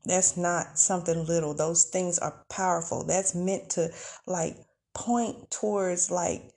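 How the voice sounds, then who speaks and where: A woman hosting a podcast, talking in a casual, expressive monologue with laughs and sighs. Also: on the low side, takes it slowly. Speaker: podcast host.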